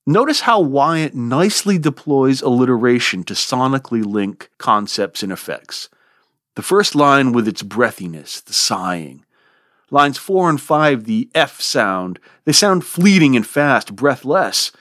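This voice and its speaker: A man giving a podcast lecture on poetry in an expressive, lively way, relishing the verse. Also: mid-range voice, measured pace, dry recording, clean studio sound. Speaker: literature lecturer.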